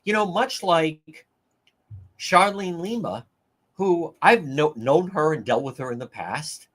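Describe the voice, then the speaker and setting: A man hosts a livestream talk show, ranting incredulously through opinionated news commentary and calling his viewers "folks." His voice is fairly high and a bit bright, and he takes it slowly.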